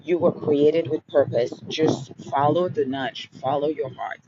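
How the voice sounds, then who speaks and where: Man, slow affirming motivational talk, dull lo-fi sound, clear street noise behind. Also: fairly high pitch. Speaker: livestream host. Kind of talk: motivational live Q&A. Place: outdoors.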